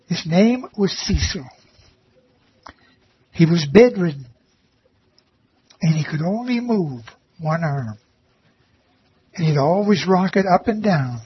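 A man's voice: fairly high pitch, slightly rough. A man telling a personal faith testimony about reading the Bible to elderly residents, earnest and reverent, often repeating phrases for emphasis. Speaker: volunteer who read the Bible to elderly residents. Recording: slightly dull lo-fi recording with faint ambience.

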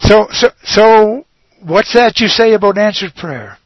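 A man preaching a sermon, slow and emphatic, leaning on dramatic pauses and repeated words. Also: high voice, no room sound, lo-fi sound.

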